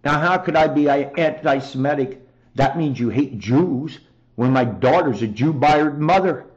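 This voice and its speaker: A man's voice: fairly high pitch, normal speed, dull audio. A man hosting a talk show, delivering an angry, profane monologue straight to his listeners. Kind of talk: heated monologue.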